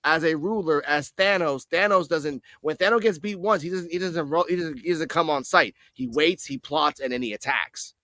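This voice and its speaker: Man, podcast co-host, animated, profane, fairly high voice, dry sound. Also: moderate pace, few pauses, no room sound. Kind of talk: casual wrestling review chat.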